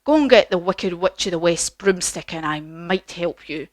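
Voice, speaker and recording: A woman's voice: on the low side, expressive, moderate pace, no echo, studio quality, close to an everyday voice. A woman voicing an unfriendly male wizard in a children's storybook retelling, curt and grudging.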